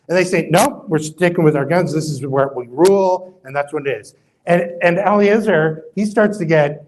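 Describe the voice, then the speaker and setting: A middle-aged man, a rabbi, telling stories in a casual, animated lecture and acting out the quoted voices. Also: poor audio. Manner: animated, acts out quoted voices with rising pitch; conversational, many fillers and asides. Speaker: rabbi giving an interfaith talk.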